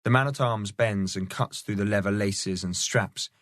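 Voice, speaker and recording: Low-voiced male audiobook narrator. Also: normal speed, fairly bright tone, no room sound, studio quality. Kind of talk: scripted narration.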